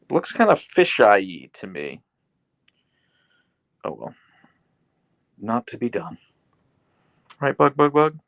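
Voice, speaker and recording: A man's voice: medium pitch, very animated, slow pace, creaky, long pauses, fairly bright tone. A man hosting a casual live stream from his phone, reading viewer comments aloud and chatting to his dogs in an easygoing way. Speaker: livestream host.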